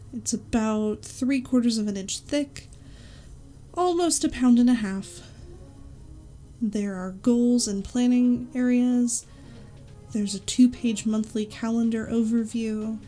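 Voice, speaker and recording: A woman YouTube creator chatting casually and enthusiastically through product recommendations, with quick asides. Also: on the high side, dark tone.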